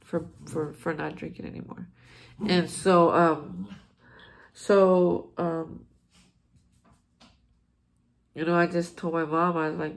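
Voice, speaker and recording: A man's voice: a little high, flat delivery, slow, vocal fry, long pauses. A man hosting a daily recovery reflection, speaking in an earnest, encouraging way with frequent restarts. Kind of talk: heartfelt spiritual recovery talk.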